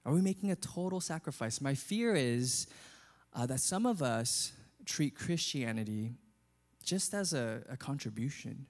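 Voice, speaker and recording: Male pastor, conversational sermon delivery, mid-range pitch. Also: lively intonation, unhurried. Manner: earnest, conversational preaching.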